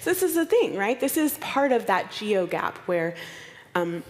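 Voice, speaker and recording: A woman from Oklahoma with an American accent gives a conference talk, telling stories in an animated way and acting out the people she quotes in playful voices. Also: mid-range voice, measured pace. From Oklahoma, United States. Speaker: conference speaker. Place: conference hall. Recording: long hall reverb.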